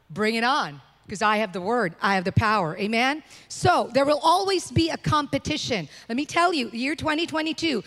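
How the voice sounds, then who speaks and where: A woman pastor delivers a sermon in a high, bright-pitched voice. She preaches emphatically, driving home repeated phrases and declarations. The sound carries the long reverb of a church hall. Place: church sanctuary.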